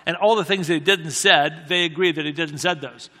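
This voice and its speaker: A man delivers a sermon in story form, his voice on the higher side and ringing bright. He talks conversationally, pokes fun at himself, and circles back to repeat his key phrases. The sound carries the long reverb of a large hall. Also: fast. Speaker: preacher.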